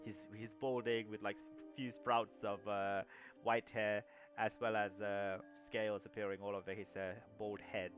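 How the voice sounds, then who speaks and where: A young man narrating a tabletop game as game master, halting with many fillers and restarts. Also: on the low side, flat delivery, faint music behind.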